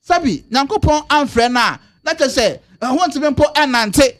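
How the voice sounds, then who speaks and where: Emphatic man, lively pitch. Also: measured pace. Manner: emphatic, switches between Twi and English. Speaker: political commentator. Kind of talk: radio talk show discussion.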